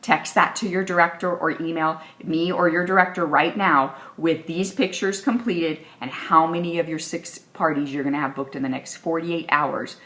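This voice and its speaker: A woman's voice: low voice, fairly even intonation, normal speed, hardly any pauses, sharp tone. A woman leading a sales training session, talking in a direct, upbeat coaching manner. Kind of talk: training video talk.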